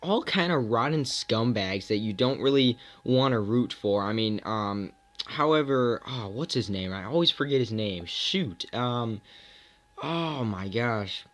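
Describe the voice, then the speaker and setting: A man's voice: mid-range voice, expressive, unhurried. A young man casually reviewing films, rambling with many fillers and self-mocking asides. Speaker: movie reviewer.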